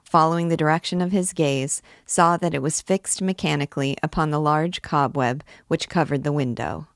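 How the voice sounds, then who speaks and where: A woman reading a classic novel aloud in a steady, measured narration. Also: low voice, no echo, studio quality. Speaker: audiobook reader.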